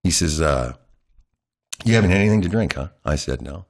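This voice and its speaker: A middle-aged man with a notably deep voice spins a long, animated anecdote, his pitch rising and falling widely as he tells it. He talks in a chatty, candid way, with plenty of fillers, as a guest in an interview recorded at his home. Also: fairly quick. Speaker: news anchor as interview guest.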